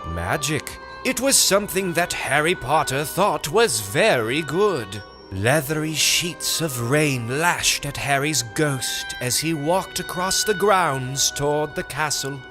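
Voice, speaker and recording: Male audiobook narrator, deadpan comic read, unhurried, sing-song pitch. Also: over music. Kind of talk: deadpan reading of a comic nonsense story.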